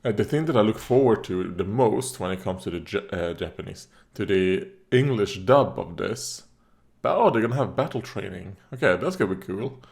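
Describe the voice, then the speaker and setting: A man with a lowish voice rambles through a casual reaction video. He fills his talk with "uh" and "like", coughs here and there, and tosses remarks straight at the screen. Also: expressive, normal speed, gravelly, darkish tone. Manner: rambling, talks back at the screen; frequent fillers and coughs. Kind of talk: casual commentary while watching.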